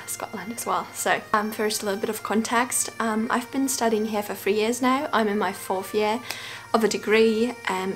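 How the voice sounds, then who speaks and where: A young woman from Germany with a German accent, chatting casually in a vlog, laughing often and acting out what people said. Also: medium pitch. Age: young adult. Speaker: vlogger.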